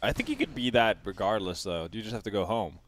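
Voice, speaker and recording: Dry, low-voiced esports co-caster, man. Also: big pitch swings, quick pace, a bit bright, slight background noise. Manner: dry, teasing one-liners. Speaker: esports co-commentator. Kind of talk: casual commentary banter.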